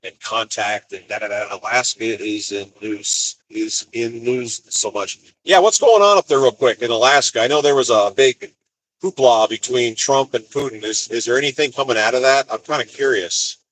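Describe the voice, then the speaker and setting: A man's voice: mid-range voice, brisk, a bit bright, dry recording, poor audio. A man, a van driver, telling road stories in a rambling, wry way during a live stream from his van. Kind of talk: casual storytelling live stream. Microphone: phone.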